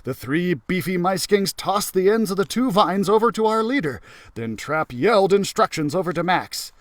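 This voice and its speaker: A man who works as a librarian, reading a children's story aloud in an expressive, animated way. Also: high voice, normal speed, no room sound, studio quality.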